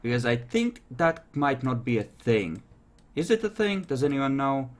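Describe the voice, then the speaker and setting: A man running a tabletop role-playing game as game master, slow and casual, laughing often and swearing lightly. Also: medium pitch, sing-song.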